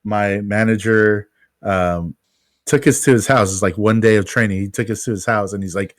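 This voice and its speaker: A man's voice: lowish voice, normal speed, no room sound, studio quality. A man co-hosting a podcast, telling a self-mocking story about his work as a pest control technician.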